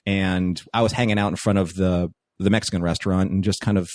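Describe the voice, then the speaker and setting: A man, a guest on a podcast, telling stories in casual chat with animated delivery. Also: deep voice, quick pace, dry recording, studio quality. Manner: animated storytelling.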